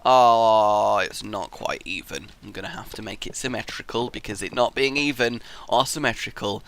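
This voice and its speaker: A young man giving chatty, excitable gameplay commentary as a let's play host, muttering asides to himself. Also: lowish voice, normal speed, vocal fry, few pauses, slight background noise.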